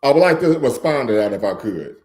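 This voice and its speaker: A man on a livestream debate who speaks in a measured way, cites figures and stays composed. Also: mid-range voice, sing-song, a little mellow.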